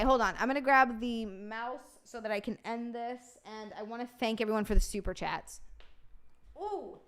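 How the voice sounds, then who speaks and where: A woman hosting a casual livestream, reading chat aloud, swearing and laughing often. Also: fairly high pitch. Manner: profane, laughing, reacting to chat.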